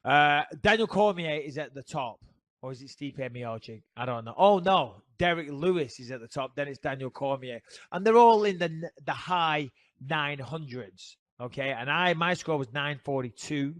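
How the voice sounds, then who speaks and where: A man's voice: fairly high pitch, animated, moderate pace, a bit bright, dry recording. A middle-aged man with a Northern English accent, co-hosting a casual podcast chat and telling profane, joking stories. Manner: profane, storytelling banter. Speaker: podcast co-host.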